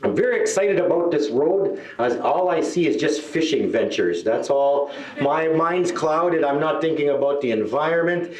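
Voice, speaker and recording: A middle-aged man doing a stand-up comedy set, telling a long story and jumping into higher voices for the people he quotes. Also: lively intonation, moderate pace, few pauses, a little mellow. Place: live show venue. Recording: echoey live room.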